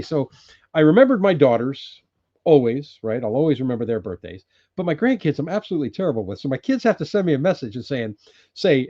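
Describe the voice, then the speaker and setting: An older man from California hosting a casual live chat from his off-grid cabin, rambling and laughing often as he greets viewers loudly. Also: mid-range voice, sing-song, fairly quick, lo-fi sound. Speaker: live-stream host.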